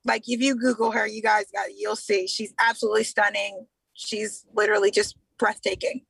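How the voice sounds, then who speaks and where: A woman's voice: medium pitch, level tone, moderate pace, gravelly, fairly bright tone, breathy edge, dry recording, rough recording. A young woman from the United States chatting casually as a guest, bubbly and effusive. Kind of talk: casual chat.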